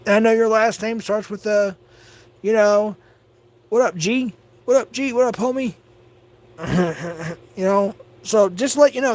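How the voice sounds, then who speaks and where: An agitated man ranting on his livestream, stammering and repeating himself. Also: high-pitched. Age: adult. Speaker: livestream host. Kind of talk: livestream rant.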